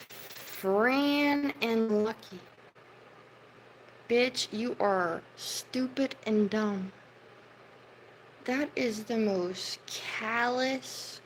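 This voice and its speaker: Slow-talking woman ranting at her chat. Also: fairly high pitch, a little hiss or hum, low-quality recording. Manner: heated, profane, scolding. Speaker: livestreamer. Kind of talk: livestream rant at chat.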